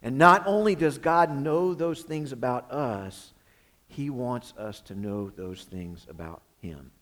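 A man preaching a sermon, swinging between forceful emphasis and hushed, dropped phrases. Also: medium pitch, expressive, slow, long reverb tail. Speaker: pastor.

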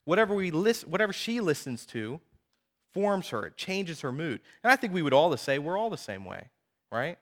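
Animated, slightly high-voiced male preacher. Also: moderate pace. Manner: animated storytelling, conversational asides. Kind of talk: sermon.

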